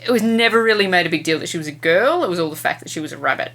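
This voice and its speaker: A woman with a fairly low voice, chatting casually as a podcast co-host. She sounds relaxed and agreeable, dropping in short remarks about films. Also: very fast. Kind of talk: casual film review chat.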